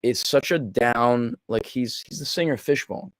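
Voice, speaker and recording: A young man chatting casually, excitable and swearing freely, often acting out his own quotes. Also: mid-range voice, no room sound. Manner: excitable, swearing, quoting himself in quick asides. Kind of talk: casual chat.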